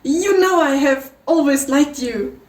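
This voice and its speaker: A woman's voice: high voice, a little slow. A woman voicing an angry, evil male alien who curses and threatens, read aloud in a casual fiction podcast. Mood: pleading. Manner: cursing, threatening. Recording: roomy, distant home mic.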